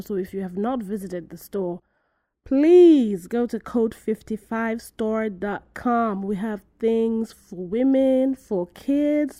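A woman from Africa hosting her own podcast, telling a story in a lively way and acting out the voices of the people in it. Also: medium pitch, dry recording. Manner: animated storytelling, acts out quoted voices. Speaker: podcast host. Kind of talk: solo podcast monologue.

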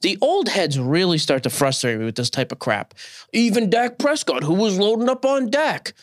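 Man, mid thirties, podcast co-host, opinionated rant, very animated pitch. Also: moderate pace. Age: 30s. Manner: opinionated, ranting. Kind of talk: casual podcast chat.

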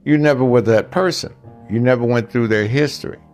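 A man's voice: mid-range voice, brisk, a little mellow, soft background music. An older man giving blunt relationship advice in a casual monologue, talking straight to the men listening and telling stories along the way. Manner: blunt, storytelling, talks straight to the guys.

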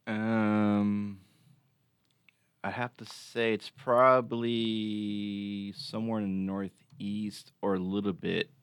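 A man's voice: lowish voice, flat delivery, takes it slowly, smooth, no echo, clean studio sound. A male crew member of a talk show answering the host's questions in a hesitant, unsure way.

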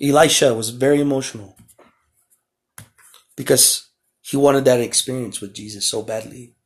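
A man preaching a podcast sermon, reading scripture slowly and with emphasis, then explaining it in a casual, repetitive way. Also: medium pitch. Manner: repeats and restarts phrases, swells loud on key words.

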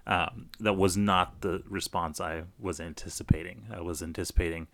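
A middle-aged man telling a personal story casually, animated, with many restarts. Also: low-pitched, normal speed, no echo. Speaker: guest storyteller.

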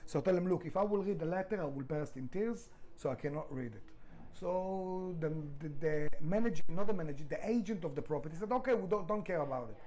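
Man, middle-aged, fairly high voice, emphatic, swears freely, non-native grammar, podcast interview guest. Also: brisk, mellow, rough recording. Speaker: restaurant founder, guest.

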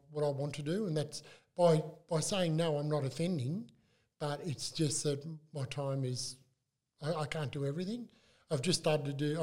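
Older Australian man, mellow voice. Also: on the high side. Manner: animated, halting storyteller with many restarts. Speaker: club mascot performer, guest. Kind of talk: casual interview chat.

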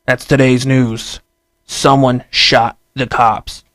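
Slow and level in tone, with a fairly bright mid-range voice and no room sound, a young man delivers a casual vlog rant to camera. He swears a lot, hammers his points repeatedly, and keeps stammering and starting over.

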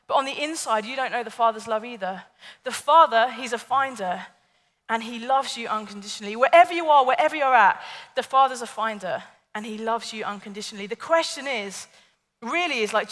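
A woman with a high, bright voice gives a chatty, playful talk at a youth service. She drops in light asides to the young people. Her voice carries the long reverb of a large church hall. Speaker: youth leader.

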